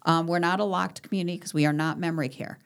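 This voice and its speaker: Low-voiced woman explaining senior housing. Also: steady tone, fast talker. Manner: explains patiently with examples and many affirmations. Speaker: guest from senior living community. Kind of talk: casual interview chat.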